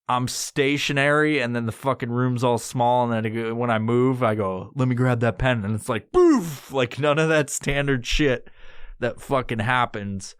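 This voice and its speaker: A man's voice: mid-range voice, clean tone, no echo, studio quality. A man hosting a podcast, telling a casual story full of swearing and acted-out quotes. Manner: profane, animated, acts out quotes. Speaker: podcast host.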